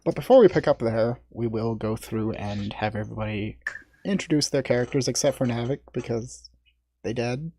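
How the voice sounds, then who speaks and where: A man's voice: mid-range voice, normal speed, dark tone. A man as dungeon master, giving a loose, chatty recap of the last session to a streamed tabletop group. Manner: chatty, loose, with fillers and asides. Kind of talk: casual recap on a game stream.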